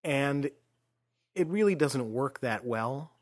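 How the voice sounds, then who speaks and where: A man hosting a casual film discussion, explaining his views in a measured way and trailing off softly at the ends of phrases. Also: mid-range voice, expressive.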